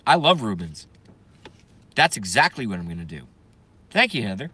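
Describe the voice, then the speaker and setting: A man ranting angrily and profanely while reading viewer comments, swinging between yelling and mumbling. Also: lowish voice, very animated, moderate pace, husky. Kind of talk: angry political rant and comment reading.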